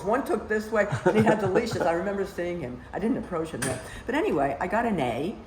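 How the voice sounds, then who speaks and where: An older woman, her voice on the low side, rambles through long personal stories as a guest storyteller, dropping in plenty of "you know" asides. The casual chat carries background noise and a roomy echo.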